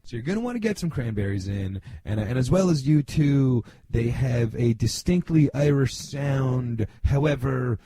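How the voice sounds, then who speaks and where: A man's voice: mid-range voice, lively intonation, moderate pace, few pauses, warm tone, husky, dry recording. A middle-aged man from New Jersey hosting a podcast, talking in a casual, rambling monologue full of fillers, blunt and sometimes swearing. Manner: rambling, many fillers and restarts. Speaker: podcast host.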